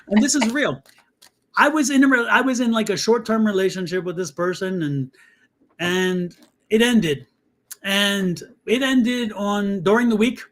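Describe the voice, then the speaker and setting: High-voiced man telling a story. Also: fairly bright tone. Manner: storytelling, conversational, quick asides. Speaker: tarot reader co-host. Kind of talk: casual live-stream chat.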